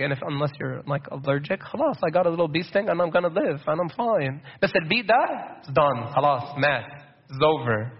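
A man giving a conversational sermon, slowing down to stress quotations and slipping in Arabic words. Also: sits high. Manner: conversational preaching, slows for quotes, mixes in Arabic words. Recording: dull muffled sound.

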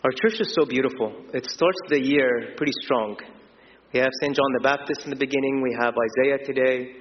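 A man's voice: mid-range voice, a little fast, a little hiss or hum. Man, sermon, earnest, long church reverb, dull muffled sound. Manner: earnest, with spoken fillers and restarts. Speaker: preacher.

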